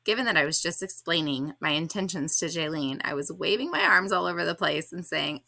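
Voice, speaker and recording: A woman's voice: low voice, expressive, fairly quick, gravelly, hardly any pauses, pushed and bright, dry recording. A woman podcast host reading her own blog post aloud in a candid, reflective and slightly awkward way.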